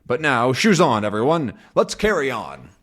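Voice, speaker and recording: A man reading aloud as a brisk, commanding middle-aged sea captain from a comic. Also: mid-range voice, sing-song, fairly bright tone.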